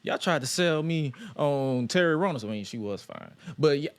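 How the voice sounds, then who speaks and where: A man co-hosting a casual wrestling talk show, relaxed, joking and opinionated. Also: on the high side, moderate pace, smooth. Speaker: podcast co-host.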